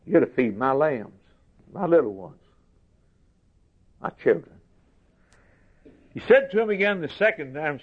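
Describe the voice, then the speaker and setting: Man, preacher, sermon, slow emphatic delivery, thin phone-like sound. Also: big pitch swings. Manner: slow, emphatic preaching, rising high for quoted scripture. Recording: tinny phone-like recording.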